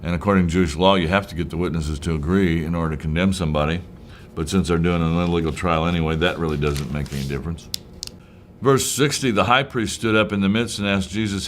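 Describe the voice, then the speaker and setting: Deep-voiced male Bible study teacher, casual and conversational, acts out short quotes, with a faint rumble behind him. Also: fairly quick.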